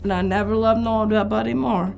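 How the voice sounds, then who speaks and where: A woman's voice: medium pitch, steady tone, moderate pace, creaky, music in the background. A woman guest on an improv comedy show, laid-back and casual, calling people dude.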